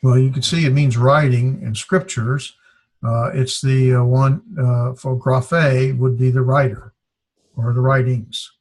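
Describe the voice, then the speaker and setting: Here a man teaches a classroom lesson, slow and halting, and he stops often to sound out each syllable. His voice is a little husky, at an everyday middle pitch. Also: flat delivery. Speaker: Greek teacher.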